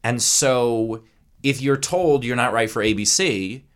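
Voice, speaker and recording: Male interviewer, mid-pitched voice, measured and advice-giving. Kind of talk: casual interview chat.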